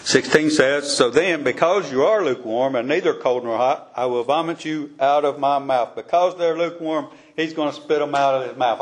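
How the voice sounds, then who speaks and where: A man teaching a casual Bible study in a folksy, conversational way, often repeating himself. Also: mid-range voice.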